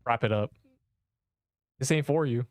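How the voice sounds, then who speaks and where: A man's voice: mid-range voice, measured pace, no echo. A young man streaming a game, joking and rambling as he teases the viewers in his chat. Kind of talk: casual gameplay livestream chat.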